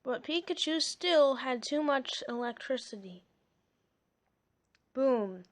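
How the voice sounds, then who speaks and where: Slow, high-voiced woman reading a storybook. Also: animated. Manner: slow, chatty, amused asides. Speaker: reader. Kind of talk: reading a storybook aloud with chatty asides.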